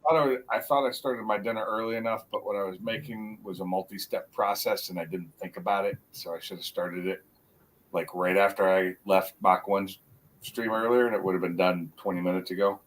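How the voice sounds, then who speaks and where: A man chatting casually on a livestream, rambling and halting with fillers and restarts. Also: sits low, fairly even intonation. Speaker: livestream co-host. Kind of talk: casual chat.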